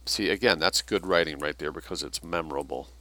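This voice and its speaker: A man's voice: very deep voice, fairly quick, bright, forceful tone, no room sound. A man reading passages from a book aloud and adding his own asides. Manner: reads passages then adds asides.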